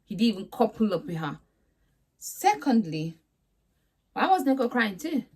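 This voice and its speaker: A young woman rants through a reality TV recap with sassy, chatty exasperation. Her voice sits a little on the high side. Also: sing-song, moderate pace, a little mellow, slightly rough. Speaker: vlogger host.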